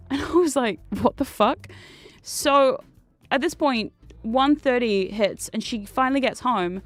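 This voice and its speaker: A woman's voice: fairly high pitch, normal speed, no room sound, faint music behind. Chatty New woman, close and dry. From New Zealand. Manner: animated and swearing, with bursts of laughter. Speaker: streamer. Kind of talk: casual storytelling while gaming.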